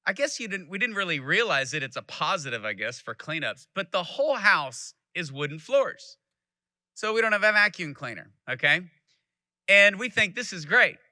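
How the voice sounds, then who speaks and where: A high-pitched, sharp-toned man from Texas, in his thirties, speaks to a live audience in a keynote, recounting family stories and acting out what people said. There's no room sound.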